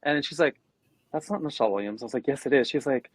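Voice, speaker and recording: Animated man telling stories, dry sound. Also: mid-range voice, quick pace, husky, dry recording, low-quality recording. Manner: animated, acts out quoted voices. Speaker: podcast co-host. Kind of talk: casual storytelling chat.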